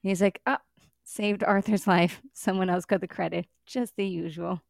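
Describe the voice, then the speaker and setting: Animated woman co-hosting a podcast. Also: fairly low pitch, moderate pace, gravelly, dry recording, clean studio sound. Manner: animated, exasperated, swears and laughs. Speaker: podcast co-host. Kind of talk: casual podcast chat.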